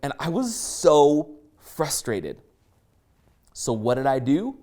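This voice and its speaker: A man teaching an online course lesson through a story, animated and playful, acting out his own reactions as he goes. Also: a little high, slow pace. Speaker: course instructor.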